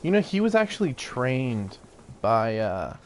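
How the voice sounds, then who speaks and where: A man's voice: mid-range voice, big pitch swings, a little slow, slight background noise. A man giving rambling, casual commentary while playing a video game, laughing often and swearing now and then. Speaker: gaming YouTuber.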